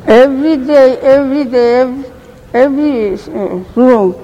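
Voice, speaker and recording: An older woman giving an oral history account as a survivor, speaking halting, broken English with frequent restarts. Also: a little high, dark tone. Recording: reverberant room, faint background noise.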